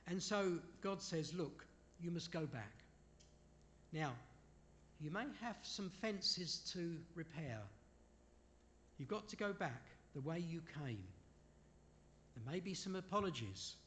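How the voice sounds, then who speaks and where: Male preacher, slightly high voice with a wide, lively pitch, rhetorical questions and apologetic asides. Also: a little slow, long pauses, slight background noise. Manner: asks the listeners rhetorical questions. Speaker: preacher leading a Bible study. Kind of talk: sermon.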